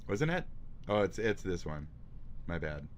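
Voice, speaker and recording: A man streaming live, giving casual reaction commentary in a mocking, profane and excitable way. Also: low-pitched, unhurried, a little hiss or hum.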